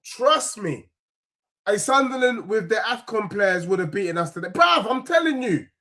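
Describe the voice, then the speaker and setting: Heated young London man ranting, high-pitched. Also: expressive, normal speed, sharp tone. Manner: heated, slangy, repetitive. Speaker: football fan channel host. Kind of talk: ranting match reaction.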